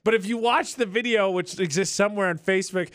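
A man's voice: high-pitched, quick pace, no echo. A man hosting a morning radio show, telling stories in casual banter and laughing often. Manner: storytelling, laughs often, animated. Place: radio studio. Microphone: studio microphone.

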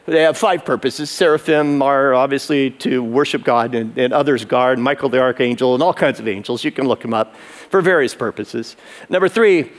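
A man's voice: medium pitch, normal speed. A man pastor preaching an emphatic sermon that builds in intensity, in a converted barn used as a church.

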